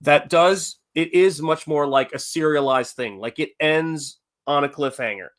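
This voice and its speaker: A man's voice: a little high, a little slow, a bit bright. A man talking casually as host about Westerns, rambling and correcting himself as he goes. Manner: rambling, self-correcting, enthusiastic fan talk. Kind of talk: casual chat about movies.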